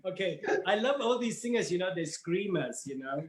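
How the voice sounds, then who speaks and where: A German-accented man, a dance guest in a casual interview, playful and quick to laugh. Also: high-pitched, animated. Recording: echoey room with faint noise.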